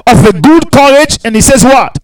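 A man preaching a sermon, dropping to quiet asides and rising to loud, drawn-out scripture readings, asking the congregation to answer back. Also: very high voice, sing-song, low-quality recording. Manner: calls out to the congregation for responses.

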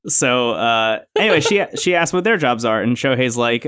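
A man's voice: medium pitch, moderate pace, hardly any pauses, clean tone. A man co-hosting a podcast, casually recapping a reality show and quoting its cast. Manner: relaxed storytelling, quoting others. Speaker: podcast co-host.

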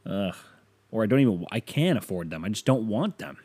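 A man hosting a solo podcast, ranting casually and profanely with loud exasperated outbursts, tired and yawning. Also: on the low side, sing-song, fairly quick, slightly rough. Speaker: podcast host.

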